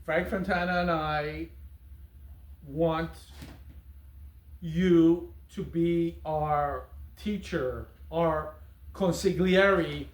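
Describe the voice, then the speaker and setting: A man hosting a casual interview, speaking in a slow, deliberate, mock-serious way at a theater venue after a performance. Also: on the high side, fairly even intonation. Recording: roomy echo.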